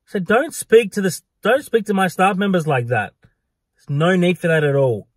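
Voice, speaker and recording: A man's voice: a little high, brisk, dry recording. A young man who works in a bar, telling a story to camera in a casual way and acting out what people said. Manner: animated, acts out quoted lines. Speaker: vlogger, bar worker.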